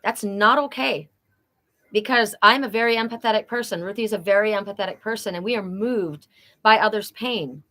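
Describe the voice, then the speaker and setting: A woman's voice: medium pitch, brisk, pushed and bright. A middle-aged woman doing a live oracle card reading, talking earnestly and repeating phrases for emphasis.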